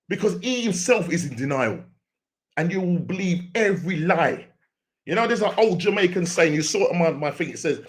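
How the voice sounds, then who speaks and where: A man's voice: a little high, expressive, moderate pace. A man hosting a football fan reaction, ranting with exasperation and often repeating and restarting his words. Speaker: football fan channel host. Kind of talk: post-match fan reaction rant.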